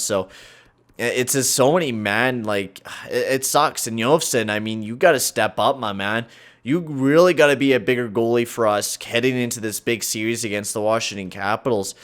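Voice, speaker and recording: A young man commentating his own hockey video game, swearing, yelling at the game, then grumbling low. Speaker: gaming channel host.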